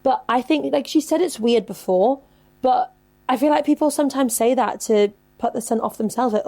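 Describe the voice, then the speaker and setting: Young woman podcast host, casual advice chat, gravelly fry, mellow dark tone, sweary. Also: sits high, normal speed. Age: 20s. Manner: chatty, swears freely, says "like" a lot.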